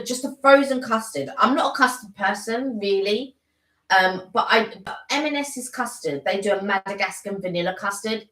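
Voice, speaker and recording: A woman co-hosts a casual live stream and talks about food with emphatic enthusiasm. Her voice is bright and crisp. The room gives her voice a clear echo. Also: medium pitch. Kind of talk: casual chat. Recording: roomy echo.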